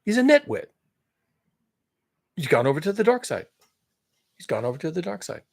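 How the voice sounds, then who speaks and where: A man delivering a profane, sarcastic rant monologue, mocking as he swings between shouting and muttering. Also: on the high side, very animated, moderate pace, vocal fry. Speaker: commentary channel host.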